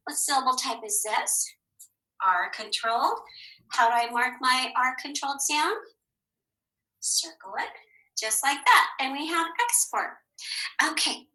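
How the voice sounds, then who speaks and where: A woman teaching a children's phonics lesson, patient and clear, saying each word twice with the second higher. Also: sharp tone, poor audio. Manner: clear, patient, sing-song.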